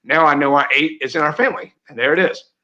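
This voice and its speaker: A middle-aged real estate agent, appearing as an interview guest, tells a heartfelt personal story with earnest feeling and many restarts. His voice sits on the high side and comes out quick, pushed, and bright.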